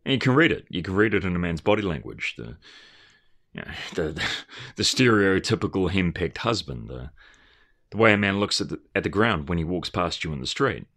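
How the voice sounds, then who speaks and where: A man's voice: low voice, very animated, brisk, a bit bright. A man giving a rambling, earnest and emphatic commentary, often restarting his phrases. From Australia.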